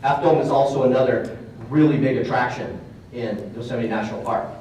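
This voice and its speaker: A man's voice: medium pitch, fairly even intonation, brisk, a little mellow, far from the mic, slight background noise. Man telling a story in a roomy hall. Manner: earnest, conversational storytelling with emphatic repeats. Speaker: motivational speaker. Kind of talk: storytelling keynote talk. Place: conference hall. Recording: roomy hall sound from off mic.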